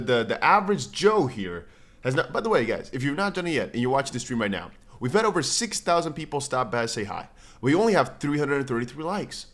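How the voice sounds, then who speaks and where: A man's voice: medium pitch, a bit bright. A man hosting a crypto livestream, reading viewer comments aloud in casual chat and rambling with many restarts and playful asides.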